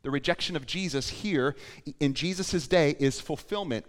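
A man preaching a sermon as pastor, moving between quiet emphasis and loud, urgent appeals. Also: a little high, normal speed. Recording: long hall reverb.

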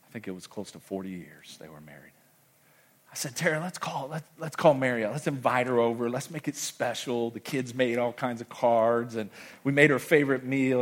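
A middle-aged man preaching a sermon, telling stories with passion and swinging from loud declarations to hushed, near-whispered moments. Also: medium pitch. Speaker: pastor.

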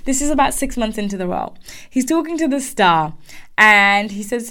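A woman's voice: medium pitch, normal speed. A young adult woman coaching listeners on careers, telling a personal story with emphatic repetition. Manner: animated storytelling, frequent restarts and emphatic repetition. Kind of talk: advice monologue with personal story.

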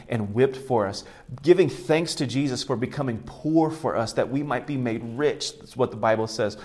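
Pastor, man in his 30s, mid-pitched, repeats lines and builds to loud emphasis. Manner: repeats key phrases for emphasis. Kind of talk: sermon.

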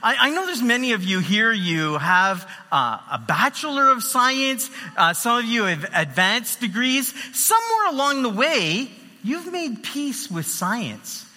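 A man's voice: extremely high pitch, big pitch swings, a little slow, bright, forceful tone. A man preaching a sermon in a loose, conversational way with many fillers. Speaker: pastor. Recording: long hall reverb.

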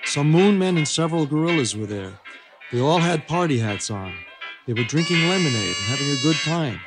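An older man reads a children's story aloud with lively, animated storytelling. His pitch moves freely through each line. Soft music plays behind him. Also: fairly quick. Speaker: author reading his book. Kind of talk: children's book reading.

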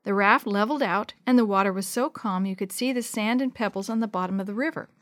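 A woman's voice: medium pitch, fast, no room sound, clean studio sound. Woman reading a children's storybook. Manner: lively, shifts voice for each child, drops to a hush for whispers. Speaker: storybook narrator.

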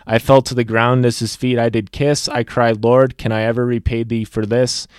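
A man's voice: mid-range voice, level tone, moderate pace, smooth, dry recording, studio quality. A young man hosting a personal faith podcast, speaking earnestly and reading a rhymed poem aloud. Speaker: podcast host.

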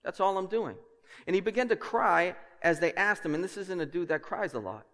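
A man preaching a sermon as pastor, emphatic, dropping to a hush and then rising loud, with rhetorical questions to the congregation. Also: high-pitched, lively intonation, brisk. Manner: emphatic, swings between hushed and loud. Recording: reverberant church hall.

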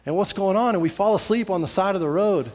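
A man preaching a sermon as pastor, animated and repetitive, acting out little voices as he tells a story. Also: sits high, fast, big-room sound.

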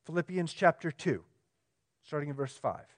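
A man preaches a sermon, his delivery swinging from loud, emphatic lines to low, quiet ones at a normal pace. Conversational in manner, this pastor regularly checks in with the congregation and poses questions to the room.

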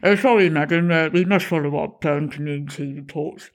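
A woman's voice: low voice, a little fast. A woman voicing a nervous young male police officer who stammers and apologizes. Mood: sheepish.

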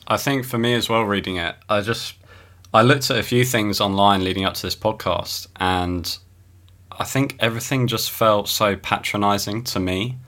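A man co-hosting a podcast in a casual chat, with a lowish voice that carries a bright, forceful edge. He talks in a relaxed, agreeable way and restarts his sentences as he thinks aloud. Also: normal speed. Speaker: podcast co-host.

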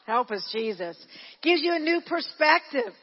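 A woman pastor preaching a sermon, telling a story with animated energy and shouting at its high points. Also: moderate pace, a little hiss or hum. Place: church hall. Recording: dull lo-fi recording in a church hall.

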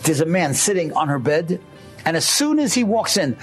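A man's voice: sits high, expressive, moderate pace, soft background music. A man preaching a sermon, telling a story earnestly and speaking straight to his listeners. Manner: earnest, addresses listeners directly.

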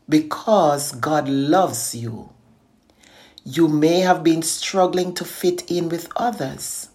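A middle-aged woman slowly reciting a devotional poem, earnest and consoling. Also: sits low, a little mellow. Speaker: poet and inspirational speaker.

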